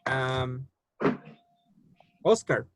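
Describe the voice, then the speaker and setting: A man's voice: medium pitch, fairly bright tone, no echo, poor audio. Patient male English teacher, dry sound. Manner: patient, explains slowly with many fillers. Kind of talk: online class teaching.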